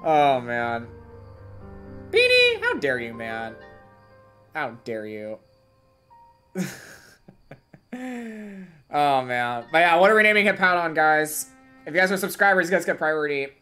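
Low-voiced woman streaming a game. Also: unhurried, pauses often, faint music behind. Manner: excitable, gamer slang, chats with viewers. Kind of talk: live gameplay streaming chat.

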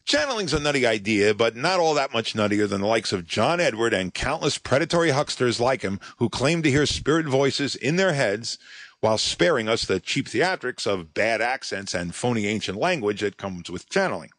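Sardonic man with a lively voice. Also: medium pitch, moderate pace, no room sound. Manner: sardonic, mocking storyteller. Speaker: podcast host. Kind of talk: scripted monologue.

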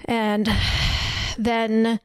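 A woman's voice: a little high, monotone, extremely slow, darkish tone, clear, resonant tone, no room sound. A woman hosting a podcast, casually retelling a film scene by scene with lots of fillers. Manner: chatty, retells scenes with quoted dialogue and fillers. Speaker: podcast host. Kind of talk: casual movie recap.

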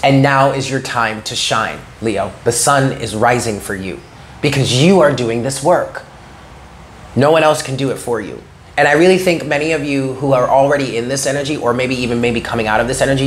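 Talking fairly quickly in a mid-range voice, a man gives a tarot reading with a faint hiss or hum behind him. He encourages the listener earnestly, frequently tossing in "okay?"

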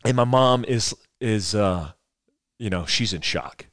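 A man's voice: on the low side, expressive, slow pace, fairly bright tone, dry recording, studio quality. A man in his forties, a former soldier, telling a rambling, profane story as a podcast guest. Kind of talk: casual storytelling conversation.

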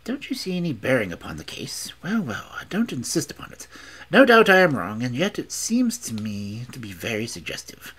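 A man doing a brisk, probing detective. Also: mid-range voice, huge pitch swings, a bit bright, breathy edge, full character voice. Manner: brisk, probing, lightly ironic. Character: brisk, shrewd male detective.

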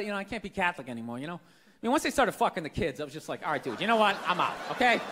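During a live stand-up set, a man rants in a profane, incredulous way while the audience laughs. His voice is high and bright, delivered with a forceful tone.

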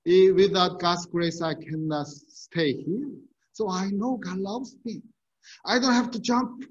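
Slow, high-voiced man preaching. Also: highs cut off. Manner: earnest, measured preaching with rhetorical questions. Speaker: pastor. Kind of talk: sermon. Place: church sanctuary.

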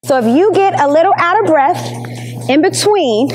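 Encouraging high-pitched woman teacher. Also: animated, moderate pace, a little mellow, soft background music, poor audio. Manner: encouraging, counts down reps. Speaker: PE teacher leading exercises. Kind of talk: instructional exercise lesson.

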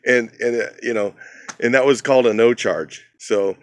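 A man's voice: medium pitch, moderate pace. A man casually telling a rambling story from his old job, full of fillers, acting out what others said. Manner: rambling, many fillers, acts out other people's lines. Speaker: channel host.

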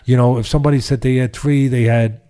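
Orta perdeden sesli yaşlı bir adam, dolambaçlı ve gündelik anlatıyor. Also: male voice, mid-range voice, steady tone, fast talker, dark tone, clear, resonant tone. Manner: rambling, many fillers and restarts. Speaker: boxing trainer and podcast guest. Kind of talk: casual storytelling.

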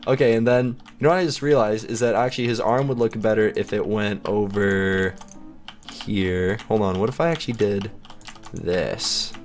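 A man's voice: fairly low pitch, fairly even intonation, normal speed, faint music behind. A man giving casual gameplay commentary as a video host, chatty and self-mocking, laughing often as he goes. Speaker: gaming YouTuber.

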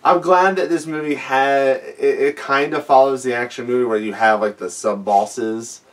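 A man's voice: mid-range voice, steady tone, moderate pace, distant mic. A man co-hosting a casual movie review chat, rambling through his points with lots of fillers. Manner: rambling, full of fillers and acted-out quotes. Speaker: co-host.

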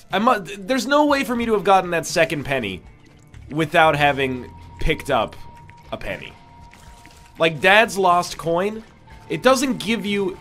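A man's voice: fairly high pitch, fairly bright tone. A man with a congested, nasal voice, giving rambling, jokey commentary as he plays a game. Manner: rambling, jokey, tangent-prone. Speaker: gaming YouTuber. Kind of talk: let's play commentary.

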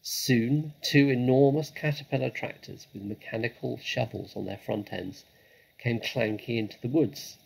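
A man reading a children's story aloud in a dramatic, measured way. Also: medium pitch, fairly even intonation, creaky, husky, poor audio.

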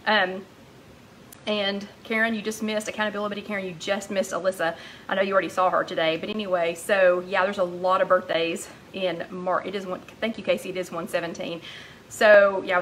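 A woman hosting a casual live-stream chat, rambling warmly along and greeting viewers by name, a little out of breath. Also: medium pitch, slight background noise, low-quality recording. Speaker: host of a live weight-loss chat.

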